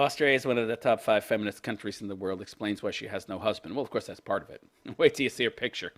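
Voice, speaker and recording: A man's voice: on the low side, fast talker. A man in his fifties reading a news story aloud and mocking it with crude, sarcastic jokes, laughing at his own lines. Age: 50s. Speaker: commentary channel host.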